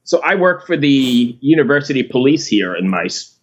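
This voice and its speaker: A man's voice: mid-range voice, very animated, normal speed. A man hosting an interview, chatting casually and chuckling as he shares his own stories. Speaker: podcast host. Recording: dull, lo-fi audio.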